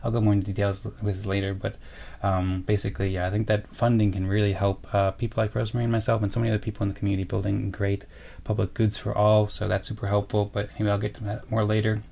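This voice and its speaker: Young guy rambling on a livestream, low gravelly voice, pretty flat delivery, lots of ums and restarts. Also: quick pace. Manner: rambling, with fillers and restarts, reading chat comments aloud. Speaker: co-host of a livestream. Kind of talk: casual livestream chat.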